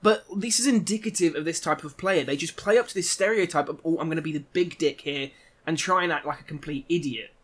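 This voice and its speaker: Man, Irish accent, indignant, ranting, gameplay commentary, slightly high pitch. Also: fast. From Ireland. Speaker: gaming YouTuber. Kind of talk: commentary over gameplay footage.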